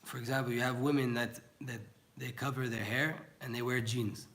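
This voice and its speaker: Young man, Torah teacher, earnest, conversational, even mid pitch. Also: normal speed. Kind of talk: informal Torah class talk.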